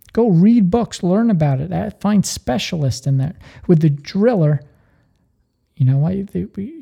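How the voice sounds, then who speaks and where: A man hosting a podcast, telling stories with earnest energy. His voice is dark and mellow, with a gravelly fry at the edges. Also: on the high side. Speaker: podcast host. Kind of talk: motivational podcast talk.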